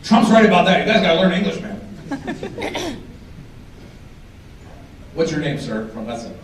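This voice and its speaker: High-voiced comedian teasing a crowd. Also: male voice, moderate pace, a little hiss or hum. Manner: animated, teasing the audience, shouting punchlines. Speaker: stand-up comedian. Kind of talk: stand-up comedy. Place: large hall with a live audience. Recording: echoey hall, distant mic, crowd.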